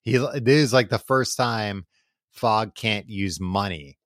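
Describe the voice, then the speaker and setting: Young guy podcast co-host, lower pitch, dry studio sound, casual storyteller who slips into quick character voices. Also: no echo. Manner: rambling, acts out characters in throwaway voices. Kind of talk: casual chat, recapping a book.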